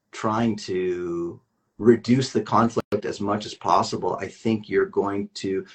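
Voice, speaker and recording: A man speaking candidly as an interview guest, earnest and rambling, with many restarts and fillers. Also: on the low side.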